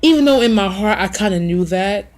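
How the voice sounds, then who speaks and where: A woman in her thirties telling a personal story on her vlog, in an emotional, halting way with sighs and apologies. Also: medium pitch, expressive, darkish tone. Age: 30s. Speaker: vlogger.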